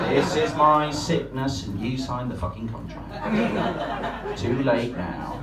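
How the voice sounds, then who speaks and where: A man's voice: on the high side, lively intonation, unhurried. A man from Portsmouth, doing a brash, sweary, self-mocking stand-up set at a live comedy night. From Portsmouth, England. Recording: echoey live room, distant mic, noisy crowd.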